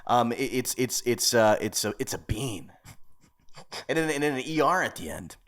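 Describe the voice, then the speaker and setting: A man co-hosting a casual podcast, joking around in a put-on deadpan persona voice. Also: moderate pace. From United States. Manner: puts on a silly deadpan persona voice, jumping high and low. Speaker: podcast co-host.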